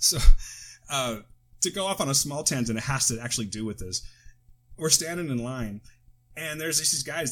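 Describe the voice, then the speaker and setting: A man's voice: medium pitch, a bit bright. An American man co-hosting a podcast, chatting casually and rambling through tangents and self-corrections into a close mic. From United States. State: coughing. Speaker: podcast co-host. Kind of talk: casual chat.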